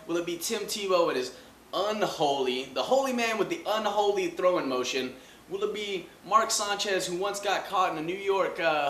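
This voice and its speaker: A man hosting a comedy sports rant, his voice bright and forceful and pitched a bit high. He riffs loudly and mocks as he goes. The sound bounces around an echoey room with faint ambience behind it. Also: a little hiss or hum. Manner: loud, animated riffing with mocking asides. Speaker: host.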